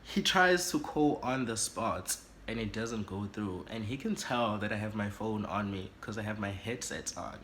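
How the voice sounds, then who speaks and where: Dramatic storytime vlogger. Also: male voice, moderate pace, hardly any pauses, a little hiss or hum. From South Africa. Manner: animated and dramatic, swoops high in pitch for effect. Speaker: YouTuber. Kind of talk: storytime vlog.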